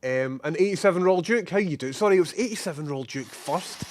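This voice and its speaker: A young Scottish man with a slightly hoarse voice from a cold, casually chatting as a live streamer and greeting viewers by name. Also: a little high, animated, quick pace, a little hiss or hum.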